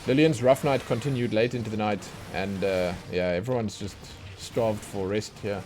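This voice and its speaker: A man's voice: lowish voice, fairly even intonation, moderate pace, darkish tone. A man chatting casually while streaming a game, tired from lack of sleep and rambling in a chatty, self-mocking way. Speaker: let's play streamer. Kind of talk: casual chat while gaming. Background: faint game music.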